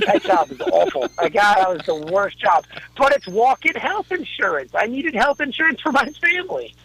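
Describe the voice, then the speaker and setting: A man's voice: very high-pitched, big pitch swings, normal speed, vocal fry, hardly any pauses, a bit bright, slightly rough, rough recording. A middle-aged man calling in, telling stories in a profane, ranting way. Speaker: caller. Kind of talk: casual chat. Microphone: phone call.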